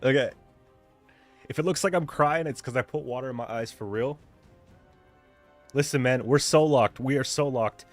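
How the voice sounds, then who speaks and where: A man live-streaming a card game at home on a desk mic, hyped and rambling as he chats with viewers. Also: medium pitch. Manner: hyped, rambling, chatting with viewers while playing. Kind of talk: casual live-stream chat.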